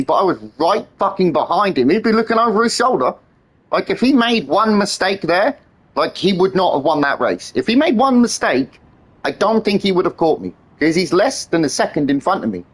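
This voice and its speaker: A man chatting excitedly on a live game stream, swearing freely and trading teasing banter with his friends. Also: high voice, brisk, slightly rough. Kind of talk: live-stream gameplay chat.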